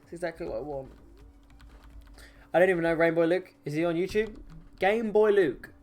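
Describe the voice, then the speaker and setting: A man's voice: on the high side, moderate pace, a little mellow. A man streaming a game live, chatting casually with viewers in silly, jokey banter and laughing often. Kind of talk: casual live-stream chat while gaming.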